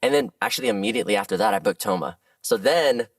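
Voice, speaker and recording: A man who works as a voice actor, chatting as a guest in a casual podcast interview and telling animated stories with frequent laughs. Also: lowish voice, fast, dry recording, distant mic.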